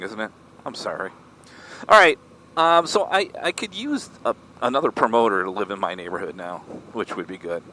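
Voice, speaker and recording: A man's voice: medium pitch, very animated, moderate pace, pushed and bright, a little hiss or hum. A middle-aged man vlogging in a casual, rambling, joking way while riding a motorcycle. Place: outdoors on a moving motorcycle.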